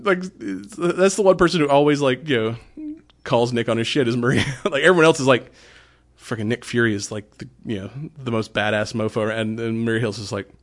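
A man's voice: medium pitch, fairly quick. A man in casual podcast chat, retelling movie scenes with quoted lines, laughing often and swearing freely.

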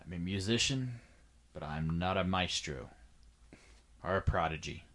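A man's voice: sits low, a little slow, a bit bright. A man co-hosting a casual podcast, jokey, dropping to mumbles and then jumping to sudden yelps. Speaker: podcast co-host, musician.

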